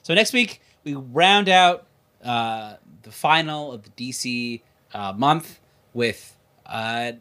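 A woman co-hosting a podcast in casual chat, wry and quick to laugh, steering the conversation along. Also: very deep voice, expressive, fairly bright tone, clear, resonant tone. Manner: wry, laughs often, leads segments. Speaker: podcast co-host.

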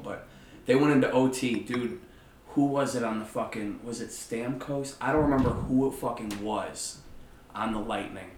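A man's voice: medium pitch, slight background noise. A man telling a rowdy story in casual, profane chat. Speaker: podcast host. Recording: echoey room.

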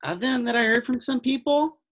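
A role-player voicing an excitable older man with a Southern accent who rambles and hesitates. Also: a little fast. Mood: excited. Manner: rambling, hesitant, rises to high excited pitch.

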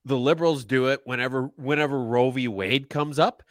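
Podcast co-host, man, mid-pitched, opinionated rant, dry close mic. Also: brisk, dry recording. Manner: opinionated, ranting with filler words. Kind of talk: casual political chat.

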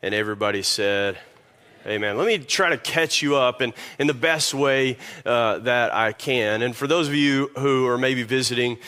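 A man's voice: medium pitch, normal speed, hardly any pauses, sharp tone. A man with a Kentucky Southern accent preaching a sermon as pastor, telling stories animatedly with frequent restarts.

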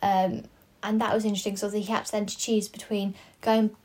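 A woman's voice: mid-range voice, level tone, fairly quick, darkish tone, slight background noise. A woman in casual conversation about a film, thoughtful and searching for words.

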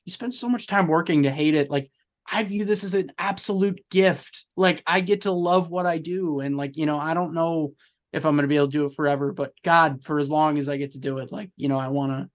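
Man, young adult, slightly high-pitched, rambling, lots of fillers, earnest, emotional, interview guest. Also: steady tone, brisk. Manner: rambling, full of fillers and restarts. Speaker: podcast guest, film journalist. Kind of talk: candid interview storytelling.

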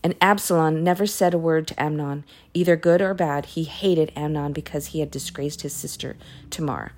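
Lady chatting through a bible story, lowish voice, lots of asides. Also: normal speed, a little mellow. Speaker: podcast host reading the Bible. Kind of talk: casual Bible retelling. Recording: voice message recording.

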